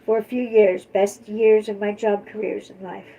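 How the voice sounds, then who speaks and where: A woman co-hosting a livestream in casual chat, reading viewer comments aloud and answering with quick opinions. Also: mid-range voice, level tone, vocal fry, dull audio. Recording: distant from the mic.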